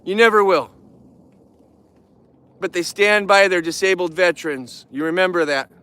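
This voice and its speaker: Guy rambling to his camera, emotional and earnest, kinda high smooth voice. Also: normal speed, bright, forceful tone. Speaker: vlogger who keeps bears. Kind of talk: casual talk to camera.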